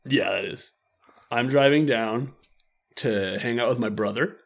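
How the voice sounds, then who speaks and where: A man's voice: medium pitch, measured pace, creaky. A young man co-hosting a podcast, telling a story in casual chat, acting out quotes and laughing often. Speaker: podcast co-host.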